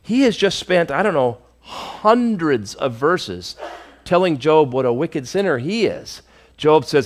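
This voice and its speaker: A man's voice: on the high side, very animated, a little slow. A male pastor preaching a conversational, emphatic sermon to his congregation.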